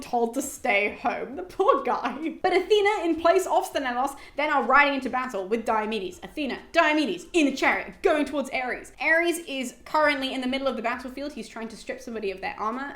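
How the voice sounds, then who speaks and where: A young woman giving a chatty, animated summary of a book as host, with lots of fillers. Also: on the high side. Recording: roomy echo.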